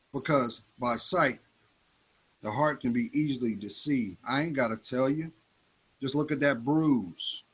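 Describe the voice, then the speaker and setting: A man's voice: medium pitch, fairly bright tone, slightly rough, poor audio. A man delivering a preachy spoken-word monologue, confronting the listener with rhetorical questions.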